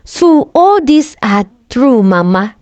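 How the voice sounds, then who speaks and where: A woman's voice: on the high side, big pitch swings, slow, a little mellow, no room sound, highs cut off. A woman doing an angry betrayed son. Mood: scornful. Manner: tearful, scornful.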